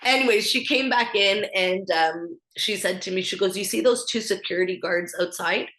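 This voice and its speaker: A woman's voice: medium pitch, moderate pace, fairly bright tone. A woman in her thirties with a Canadian accent, a podcast guest telling a personal story candidly, with lots of fillers. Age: 30s. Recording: echoey room.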